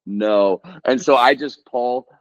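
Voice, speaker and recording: Man, 30s, low voice, hesitant casual storyteller, muffled lo-fi audio. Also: measured pace. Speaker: actor, guest. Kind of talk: casual chat.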